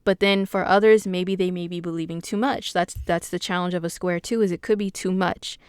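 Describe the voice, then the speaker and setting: Woman astrologer doing her weekly horoscope, super smooth clear voice, kinda low, lots of um and like. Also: steady tone, a little fast, no echo, clean studio sound. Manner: chatty and slangy, many fillers, addresses viewers directly. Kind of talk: casual weekly horoscope forecast. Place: home in the US Pacific time zone.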